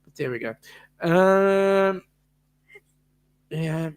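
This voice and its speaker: Chatty Australian man, slow drawl. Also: high-pitched, animated, smooth. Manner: rambling, chatty, reads out viewer comments. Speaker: co-host of a live chat stream. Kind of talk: casual live-stream chat.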